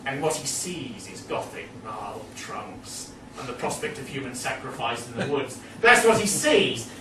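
A man giving a lecture in a rambling, digressive way, full of asides and chuckles, recorded from a distant mic in an echoey, noisy room. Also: on the high side. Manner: rambling, digressive, peppered with "you know" and chuckles.

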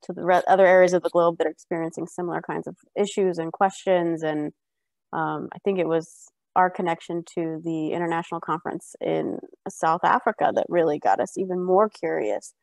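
A woman's voice: fairly low pitch, brisk, creaky, darkish tone, no echo. A woman on a video call chiming in with eager agreement in a conversational way. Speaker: faculty member, conference participant. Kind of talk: casual discussion on a video call.

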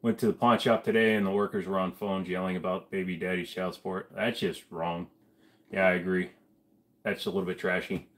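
A man's voice: low-pitched, flat delivery, fairly quick, fairly bright tone. A man hosting a casual livestream, reading chat aloud and answering viewers while feeling sick to his stomach. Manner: chatty, reads chat aloud, mumbles asides. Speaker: livestream host.

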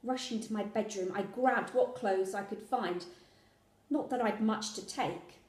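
A woman reading a children's storybook aloud in first person, measured and steady. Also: mid-range voice, roomy sound. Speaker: reader. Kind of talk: storybook narration.

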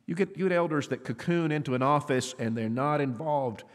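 A man's voice: on the high side, fairly quick. A man preaching a sermon in an earnest, conversational way, asking his listeners questions. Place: church auditorium. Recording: long reverb of a church hall.

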